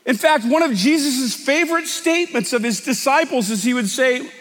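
A man's voice: extremely high pitch, expressive, normal speed, a bit bright, in a large hall. A man preaching a sermon as pastor, talking in a conversational, emphatic way.

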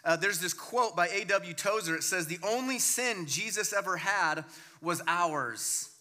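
A man preaching a sermon as pastor, emphatic and swinging between loud points and hushed low lines. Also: measured pace.

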